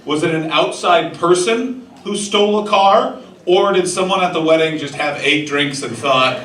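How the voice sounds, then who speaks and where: A man doing stand-up crowd work on a comedy club stage, talking with the audience and breaking into loud, excited impressions. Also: fairly high pitch, moderate pace, noisy background. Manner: animated, shouting impressions of excited people. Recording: roomy club sound from far off, crowd laughter.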